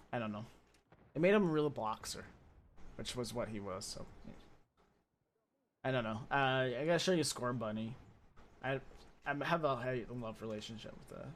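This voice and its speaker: A man talking casually over his own gameplay, chatty and self-mocking, with sudden loud bursts of frustration. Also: medium pitch, gravelly, a little hiss or hum. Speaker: gaming streamer.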